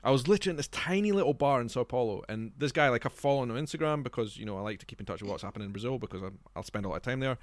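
A man co-hosts a casual podcast. He rattles through his stories at a rapid clip, and the recording is dry and close, with no room sound. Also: mid-range voice, lively intonation, no room sound. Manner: quick, chatty storytelling. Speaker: podcast co-host. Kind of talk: casual chat.

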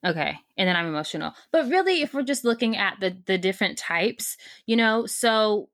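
An energetic woman talks as a guest coach in a casual podcast chat. She is emphatic and frank, and drops in the odd swear. Her voice sits at a middle pitch and the sound is dry and close. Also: fairly quick, no room sound.

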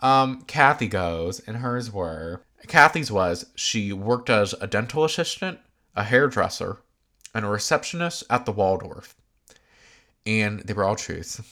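A man's voice: on the low side, expressive, unhurried, sharp tone. A man casually recapping a reality TV episode, chatty and opinionated, with lots of filler words.

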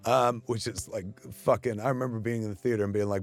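A man talking through his own film in casual commentary, excitable and swearing often, restarting his sentences as he goes. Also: fairly low pitch, fast talker. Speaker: filmmaker giving audio commentary.

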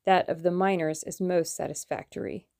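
A woman reading an audiobook, voicing a businesslike male German conspirator with a clear voice. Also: on the low side, steady tone, normal speed, mellow, no echo, clean studio sound, natural voice. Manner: crisp, matter-of-fact.

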